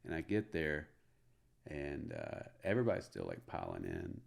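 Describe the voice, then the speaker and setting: A man from Middle Tennessee, a comedian guest telling an animated story full of fillers. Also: very deep voice, normal speed, creaky. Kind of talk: casual storytelling.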